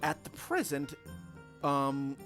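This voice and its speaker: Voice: mid-range voice, sing-song, takes it slowly, a bit bright, faint music behind. A streamer hosting an online board game night, cheerful and playful as they welcome and chat with players. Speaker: streamer and host.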